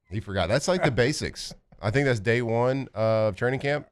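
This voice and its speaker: A man co-hosting a sports radio show, talking football in a relaxed, rambling, joking way. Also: mid-range voice, normal speed. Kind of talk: casual sports talk.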